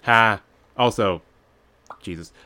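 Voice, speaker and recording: A man's voice: fairly low pitch, takes it slowly, very noisy. Wry man co-hosting a film podcast. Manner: wry, critical, rambling asides. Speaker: podcast co-host. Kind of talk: casual film review chat.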